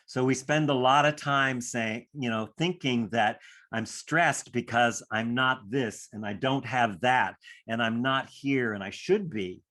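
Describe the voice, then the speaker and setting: A man's voice: medium pitch, unhurried, bright, forceful tone. A man teaching a class on stress, speaking reflectively and acting out inner voices as he explains. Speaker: stress coach.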